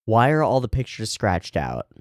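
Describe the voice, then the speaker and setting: A man records casual reaction commentary on an anime episode, his fairly low voice swinging widely in pitch as he gets animated. He laughs often and swears freely. The sound is dry and close, with no room echo. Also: normal speed.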